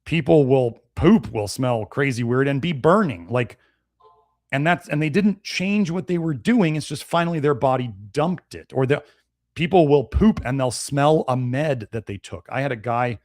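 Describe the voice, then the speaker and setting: A man hosting a nutrition live stream, answering viewer comments in a blunt, conversational and animated way. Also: mid-range voice, moderate pace, dry recording, clean studio sound. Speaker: nutrition show host.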